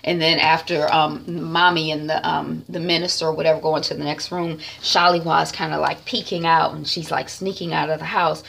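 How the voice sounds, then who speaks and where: A woman's voice: low voice, little pitch movement, fairly quick, vocal fry, hardly any pauses, a bit bright. A woman giving a chatty, rambling casual recap of a TV episode, with many fillers. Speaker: TV series reviewer.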